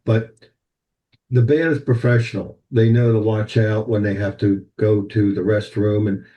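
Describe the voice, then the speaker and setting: Older man telling lively stories. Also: lowish voice, a little slow, dull audio. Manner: animated anecdotal storyteller. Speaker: band president, guest. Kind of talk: podcast interview, storytelling.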